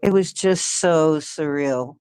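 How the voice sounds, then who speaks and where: A woman hosting her channel, telling a personal story in a halting way, often repeating herself and sighing. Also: sits low, a little mellow, clear, resonant tone, no room sound, faint music behind. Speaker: channel host.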